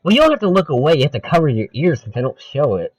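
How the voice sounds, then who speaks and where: A man's voice: a little high, sing-song, racing, dry recording, poor audio. A man co-hosting a podcast, chatting casually and profanely about a comedy film while quoting its lines. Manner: loose and profane, quoting lines in mock voices. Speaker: podcast co-host. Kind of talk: casual movie review chat.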